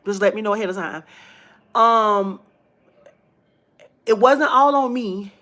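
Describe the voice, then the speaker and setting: A woman hosting her own livestream, telling a personal story in a lively, casual way, repeating phrases for emphasis. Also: medium pitch, takes it slowly. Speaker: livestream host.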